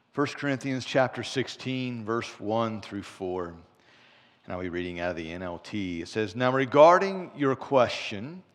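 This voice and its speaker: A man preaching a conversational sermon as pastor, telling stories along the way. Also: fairly low pitch. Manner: animated, conversational storyteller. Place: church sanctuary. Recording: long church reverb.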